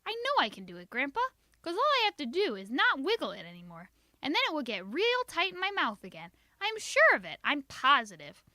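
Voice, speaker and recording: A woman voicing an excitable, stubborn little schoolgirl who bursts into melodramatic shrieks, read as a storybook. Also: sits high, brisk, no room sound, clean studio sound, voice pushed up, full character voice. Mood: insistent.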